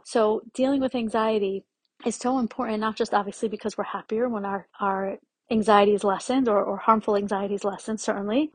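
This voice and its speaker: A woman's voice: mid-range voice, no echo. A middle-aged woman giving an earnest, reflective talk on anxiety and faith, weaving in Hebrew terms as she teaches. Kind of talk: Torah-based talk on anxiety.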